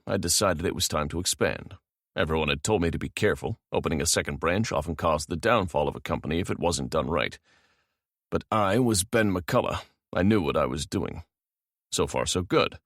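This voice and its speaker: A man narrating a romance audiobook in a calm, measured manner. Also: low voice, dry recording, clean studio sound.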